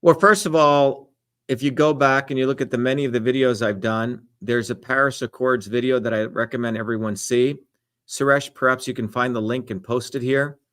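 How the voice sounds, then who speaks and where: A man's voice: mid-range voice, fairly even intonation, normal speed, a bit bright. A middle-aged man answering debate questions on a live stream, emphatic and lecturing in tone. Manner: emphatic, lecturing, repeats "the reality is".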